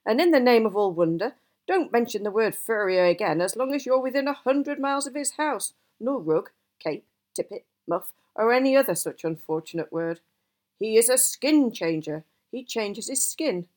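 A woman voicing an old male wizard who is gruff and easily cross, talking emphatically in a storybook reading. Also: mid-range voice, animated, measured pace, a little mellow, natural voice. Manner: emphatic, exasperated outbursts.

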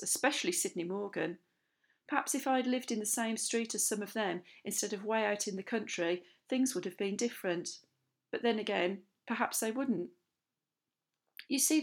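A woman narrating a children's novel aloud in the first person, lively and expressive. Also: medium pitch. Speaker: audiobook narrator. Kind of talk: scripted storybook narration.

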